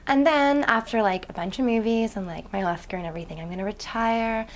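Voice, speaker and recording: A woman, playing a naive young aspiring actress who rambles with "like" fillers, swinging between hushed whispers and excited outbursts in a comedic web series monologue. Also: a little high, fairly quick, slight background noise, natural voice. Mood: rambling. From Canada. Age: 20s. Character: ditzy, daydreaming young woman, dreamy and naive.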